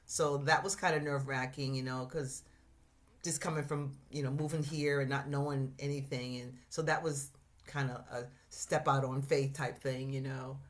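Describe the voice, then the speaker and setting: A woman sharing a personal testimony in a church discussion, reflective and halting, with many fillers and restarts. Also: rumbling low, steady tone. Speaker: congregation member sharing testimony.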